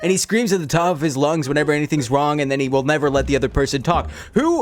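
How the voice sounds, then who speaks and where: A man's voice: on the high side, big pitch swings, quick pace, few pauses, soft background music. A man ranting sarcastically with lots of swearing while doing commentary for his YouTube video.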